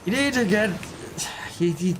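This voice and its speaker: A man's voice: high-pitched, animated, normal speed, slight background noise. A man casually chatting on a game livestream, rambling and chuckling often between remarks. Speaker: game streamer.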